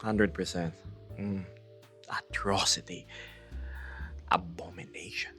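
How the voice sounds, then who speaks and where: A man's voice: low voice, steady tone, takes it slowly, bright, forceful tone, soft background music. Chuckling male streamer chatting casually. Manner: reads chat messages aloud and jokes about them, chuckling often. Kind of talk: casual live-stream chat.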